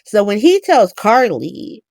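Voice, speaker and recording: Lively gossipy woman recapping a show. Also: medium pitch, slow pace, gravelly, no room sound, clean studio sound. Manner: animated, profane, slangy, gossipy. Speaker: podcast host. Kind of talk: casual TV recap chat.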